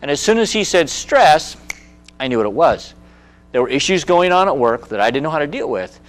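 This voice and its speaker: A man's voice: a little high, fairly quick. A man in his sixties giving a presentation on handling anger, telling personal stories and acting out the voices of the people in them. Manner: animated storyteller who acts out quotes. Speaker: speaker on anger management.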